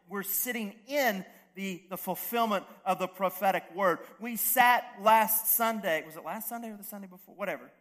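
Pastor guy with a high voice, chatty sermon, keeps restarting and checking in w the crowd. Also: fairly bright tone. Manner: conversational preaching with frequent restarts and asides.

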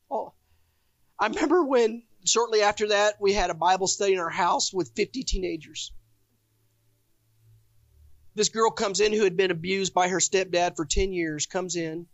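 A man's voice: high voice, dry recording. A man preaching a sermon, telling his own stories with fervent emotion. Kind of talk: testimonial sermon. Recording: dull, dry lo-fi recording.

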